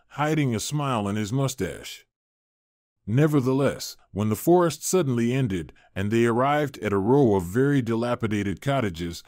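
A man narrating a fairy-tale story in a measured, expressive way. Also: mid-range voice, dry recording, studio quality.

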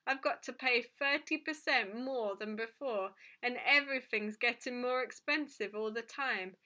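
A woman's voice: a little high, unhurried, sharp tone. A woman doing a grumpy, snappish male innkeeper. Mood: grumpy, defensive. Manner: snappish and defensive. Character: grumpy, irritable middle-aged male innkeeper.

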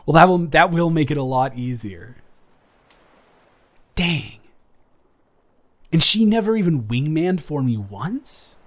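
A young man playing his best friend's earnest older brother in an improvised romantic audio roleplay, speaking haltingly with many restarts. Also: on the high side, sing-song, fairly bright tone, full character voice. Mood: relieved. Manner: halting, hesitant, frequent restarts.

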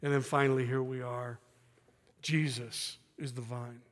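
A man's voice: medium pitch, little pitch movement, unhurried. Earnest middle-aged man preaching in a hall. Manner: earnest and candid, with soft self-deprecating laughs. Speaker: guest preacher. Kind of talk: sermon with personal testimony. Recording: long reverb of a church hall.

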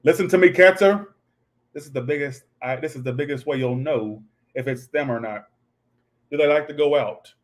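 A man's voice: mid-range voice, steady tone, moderate pace, a little mellow. A man doing a casual livestream tarot reading, talking in a snappy, profane, ranting way. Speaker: tarot reader.

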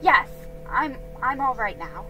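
Woman reading weary young girl, hesitant, stumbling, slow, soft music behind. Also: high-pitched, expressive, pitched above the performer's own voice, full character voice, poor audio. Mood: anxious, tired. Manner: hesitant, stumbling over words. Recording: reading over background music.

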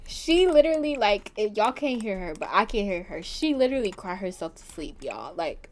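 A young adult woman doing casual let's-play commentary, chatting straight to viewers in slang and swinging from hushed whispers to loud exclamations. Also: mid-range voice, very animated, moderate pace, slight background noise.

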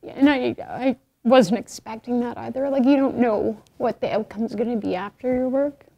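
A woman's voice: on the high side, moderate pace, vocal fry, warm tone. A woman telling a heartfelt story in a documentary interview.

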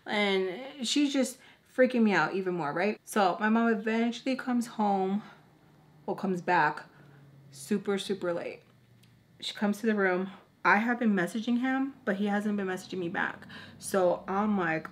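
A young woman in her twenties telling a personal story while doing her makeup, chatty and animated, filling her speech with "like" and acting out the people she quotes. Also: mid-range voice, measured pace. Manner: animated, lots of filler "like", acts out quoted people. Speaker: beauty vlogger.

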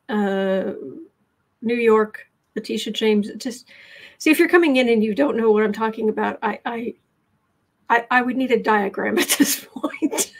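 A woman with a fairly high voice talks through her daily tarot livestream. She chats loosely and rambles, breaking off to answer people in the chat. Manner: chatty and rambling, with asides to the chat. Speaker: livestream tarot reader and host.

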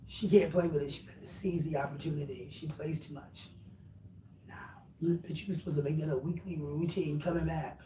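Woman vlogger, profane and preachy call-out delivery, low mellow timbre, echoey room with faint hiss. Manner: blunt, profane, lecturing. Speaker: YouTuber. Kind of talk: direct-address rant vlog. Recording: roomy echo, distant mic, faint noise.

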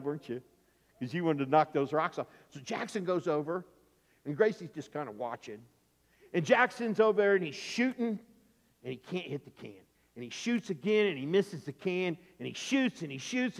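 A man preaching a children's sermon with a lively, storytelling manner, slipping into the voices of the people in the story. His voice sits high for a man. The sound carries the long reverb of a church sanctuary. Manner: animated, playful, acts out the story's voices. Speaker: pastor.

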